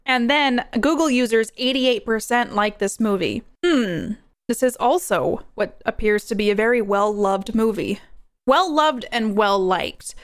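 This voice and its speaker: A young woman hosting a podcast, chatting casually on her own, animated and prone to rambling tangents. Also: on the high side, no room sound, studio quality. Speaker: podcast host. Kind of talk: casual solo movie chat.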